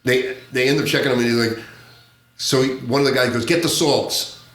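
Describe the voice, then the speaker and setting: A man tells a story with lots of energy, jumping into high voices for the people in it and laughing as he goes. His voice sits at a middle pitch. The room has a noticeable echo. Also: quick pace. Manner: animated storyteller, acts out voices in high tones, laughs often, swears. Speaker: podcast guest, former narcotics agent. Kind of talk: casual storytelling.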